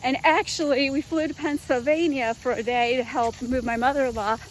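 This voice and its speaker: A woman's voice: sits high, fairly even intonation, a little fast, a little hiss or hum. A woman in her fifties, out of breath after a run, talking to her viewers in an earnest, chatty way and calling them y'all. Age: 50s. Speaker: fitness vlogger. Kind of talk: casual heartfelt talk to camera.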